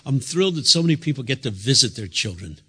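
A man preaching a sermon in a church, impassioned, dropping to a hush and then rising loud again. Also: mid-range voice, very animated, quick pace, husky. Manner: impassioned, swings from hushed to loud.

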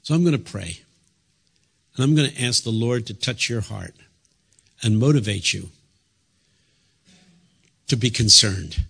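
A male preacher delivers a sermon in a church with real passion. His voice is bright and forward, with a husky edge. He drops to near hushes and then rises to loud, urgent appeals. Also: fairly low pitch, a little slow, pauses often. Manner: impassioned, swings from hushed to loud.

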